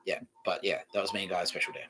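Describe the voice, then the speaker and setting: A man's voice: low voice, level tone, fast, pushed and bright, low-quality recording. An Australian man hosting a podcast, rambling casually and swearing freely. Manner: swears freely, loose and laughing. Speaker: podcast host.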